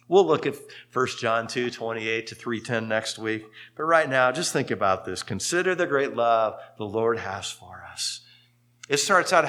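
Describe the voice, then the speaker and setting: Male pastor, sermon delivery, bright tone, lively storytelling swings. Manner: animated storytelling with sudden rises in pitch and volume.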